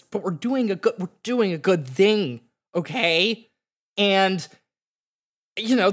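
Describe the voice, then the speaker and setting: A man plays a defensive male researcher who smooths things over and keeps seeking agreement. His voice sits slightly high in his range. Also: fairly bright tone, exaggerated voice. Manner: placating, keeps asking "right?".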